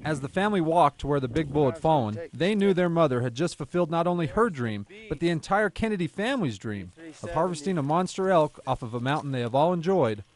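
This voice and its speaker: A man's voice: on the high side, expressive, fast, hardly any pauses. A man working as an outdoor TV reporter, narrating a news feature and chatting with an interviewee in an upbeat tone.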